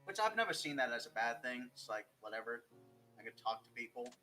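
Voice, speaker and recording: A man's voice: medium pitch, very animated, brisk, bright, forceful tone, faint music behind, low-quality recording. A young man chatting as a guest on a writing stream, rambling, joking and swearing freely. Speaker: guest writer. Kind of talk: casual chat.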